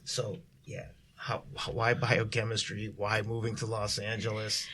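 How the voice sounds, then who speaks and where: A man's voice: on the low side, monotone, measured pace, bright, forceful tone, a little hiss or hum. Rambling interview co-host, man. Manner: rambling questions with restarts and stammers. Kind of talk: casual interview questions. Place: studio.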